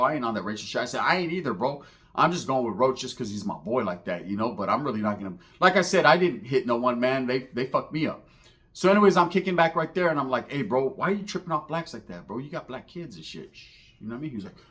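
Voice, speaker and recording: A man telling a profane comedic street story, acting out the voices of the people in it. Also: mid-range voice. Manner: animated, profane, slangy, acts out voices in the story.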